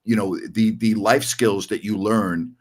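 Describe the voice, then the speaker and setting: This man's voice is lowish, steady in tone and unhurried. He's a New York podcast host in his sixties who rambles through stories in casual conversation and chuckles a lot.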